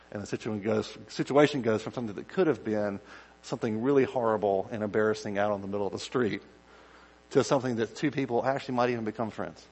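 A male pastor giving a conversational sermon, dropping to quiet asides and rising to loud acted-out shouts. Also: medium pitch, brisk, poor audio.

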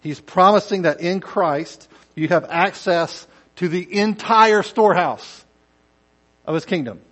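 A man preaches a conversational sermon in a slightly high voice. He drops to near-murmurs, then swells into loud, emphatic bursts, and slips into quick asides where he acts out other voices. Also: rough recording. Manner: swings from quiet intensity to loud emphatic bursts. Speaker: pastor.

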